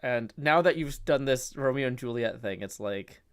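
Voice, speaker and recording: Man, casual stream chat, rambling, lots of fillers, lively up-and-down pitch. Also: moderate pace, clear, resonant tone. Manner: rambling, hesitant, with many fillers. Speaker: streamer and host.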